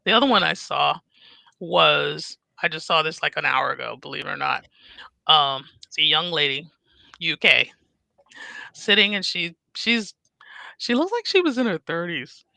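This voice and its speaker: A woman in her fifties chatting frankly as a podcast co-host, telling stories with animated, acted-out dialogue. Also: deep voice, moderate pace, vocal fry, no echo. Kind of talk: casual chat.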